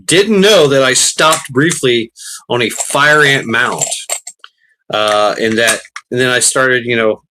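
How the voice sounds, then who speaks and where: A man's voice: mid-range voice, slow pace, pushed and bright, a little hiss or hum. A man chatting casually while gaming, rambling with many restarts and fillers, swearing freely.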